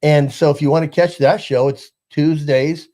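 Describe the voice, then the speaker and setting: A man's voice: a little high, fairly even intonation, normal speed, mellow. A man hosting a casual political talk show, rambling with lots of fillers and restarts.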